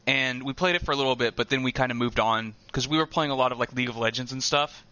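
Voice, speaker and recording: A man's voice: medium pitch, quick pace, no room sound. A man co-hosting a casual gaming podcast, telling stories and acting out what people said. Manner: animated storytelling, acting out quotes, laughing. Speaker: podcast co-host. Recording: dull lo-fi dry sound.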